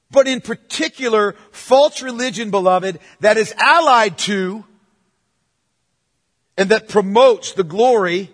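A man preaching a sermon, moving between forceful proclamation and hushed, playful asides to the congregation. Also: high-pitched, slow pace, long reverb tail. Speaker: pastor.

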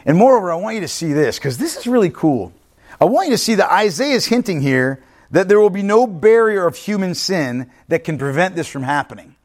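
Guy pastor walking thru scripture, keeps going right? okay?, trips over words sometimes, voice a bit on the high side. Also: sing-song, brisk. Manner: conversational, checks in with "right?" and "okay?"; earnest, restarts and stumbles over words. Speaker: pastor teaching Bible study. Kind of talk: expository Bible teaching.

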